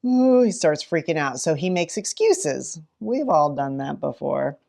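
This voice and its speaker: A middle-aged woman teacher sharing read-aloud tips in a lively, dramatic way, gasping now and then to build suspense. Her voice sits fairly low for a woman. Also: measured pace, vocal fry. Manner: animated, dramatic, with gasps. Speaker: teacher and children's librarian.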